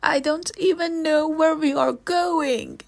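A woman doing a frightened little boy, high and plaintive. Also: takes it slowly, gravelly, full character voice. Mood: tearful. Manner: plaintive, sniffling. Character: frightened young boy evacuee, tearful.

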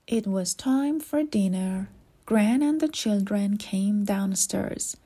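A woman reading a children's storybook aloud, slow and gentle, lightly voicing the characters. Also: medium pitch, lively intonation, slightly rough. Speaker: storybook reader.

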